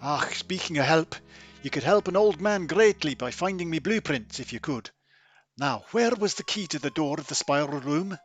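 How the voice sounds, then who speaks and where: A confused old man with a hammy Scottish brogue, as a man reads game dialogue aloud rambles and keeps contradicting himself. The voice sits noticeably higher and louder than the reader's own. He muddles every detail he gives. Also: expressive, normal speed, soft background music. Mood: muddled. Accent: put-on Scottish. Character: forgetful old male dwarf-like tinkerer.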